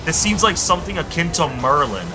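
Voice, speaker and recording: A young man streaming a game, rambling excitably as he tells stories and chats. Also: fairly high pitch, fairly quick, over music. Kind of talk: casual gameplay chat.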